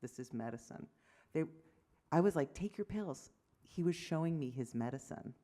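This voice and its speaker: A woman in her fifties, a physician giving an award lecture, telling animated stories, acting out conversations and making self-deprecating asides. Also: extremely low pitch, normal speed. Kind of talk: lecture to medical audience.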